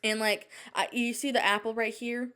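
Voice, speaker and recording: A woman's voice: on the high side, flat delivery, normal speed, bright, forceful tone. A young woman hosting her own podcast, chatting alone in a rambling, flustered way full of fillers and restarts while she sounds anxious and shaken. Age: young adult. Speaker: podcast host. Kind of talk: casual solo chat. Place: at home at night.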